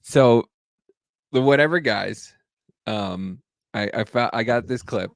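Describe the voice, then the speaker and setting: Man co-host, blunt and casual, raspy fry, dry close sound. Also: medium pitch, takes it slowly, no echo. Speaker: podcast co-host. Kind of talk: casual chat.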